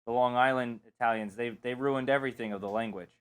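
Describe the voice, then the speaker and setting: A man's voice: mid-range voice, fairly even intonation, fast talker, fairly bright tone, smooth. A man talking over a remote call in casual chat, joking at his own expense. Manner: self-mocking, joking. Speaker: guest on a video call.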